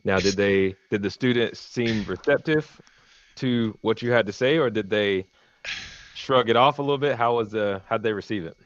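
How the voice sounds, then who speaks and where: A man's voice: fairly low pitch, normal speed, no echo. A man hosting a podcast interview, prompting his guest and encouraging him with brief affirmations. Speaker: podcast host. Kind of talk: casual interview chat. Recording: dry dull lo-fi sound.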